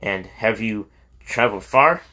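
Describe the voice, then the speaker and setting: Hearty older Scottish host with a brogue, teasing and welcoming, read by a man; brightish and pitched up. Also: measured pace. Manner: hearty and teasing, calls people laddie.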